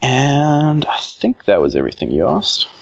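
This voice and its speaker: A man's voice: medium pitch, wildly swooping pitch, normal speed, creaky, no room sound. A man, a game developer guest, chatting casually on a podcast, rambling with many fillers. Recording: dull lo-fi remote audio.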